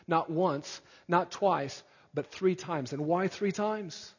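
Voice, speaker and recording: A male preacher giving an earnest sermon, rising to emphatic peaks and dropping soft again. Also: high voice, slow pace, slightly rough. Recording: dull sound with long hall reverb.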